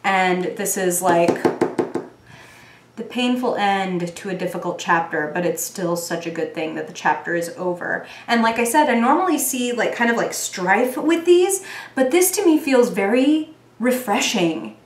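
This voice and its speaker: A woman's voice: medium pitch, a little slow. Chatty woman reading tarot in a roomy space. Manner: chatty, filler-heavy, animated when quoting. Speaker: tarot reader. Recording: roomy echo.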